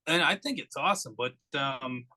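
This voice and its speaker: A man in his fifties from the Boston area, chatting as a podcast guest in an animated, joking way with casual swearing. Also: medium pitch, moderate pace, poor audio.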